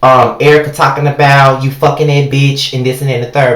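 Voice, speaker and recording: A woman's voice: rumbling low, flat delivery, a little fast, hardly any pauses. A woman reviewing a reality show in a casual, blunt, heavily profane rant, talking straight at the people in it. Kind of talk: casual ranting recap. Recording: echoey room.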